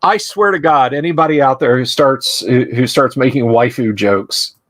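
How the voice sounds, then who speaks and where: A man's voice: mid-range voice, normal speed, no room sound. Man as game master, livestream tabletop game, rambling with chuckling asides, dry close sound.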